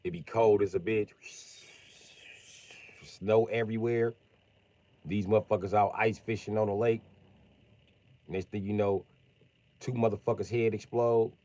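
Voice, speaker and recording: A man's voice: fairly low pitch, steady tone, normal speed, pauses often, dark tone. A man telling a comic story on a live stream and jumping animatedly between character voices. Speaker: comedian streamer.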